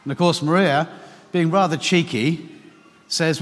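A man preaching a sermon to his church, telling a personal story with animated, emphatic questions. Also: fairly high pitch, normal speed. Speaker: pastor. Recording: long hall reverb.

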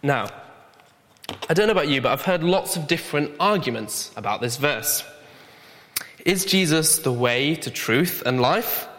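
Young man, fairly high voice, earnest conversational sermon with gentle humor, long hall echo. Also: animated, a little slow. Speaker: preacher.

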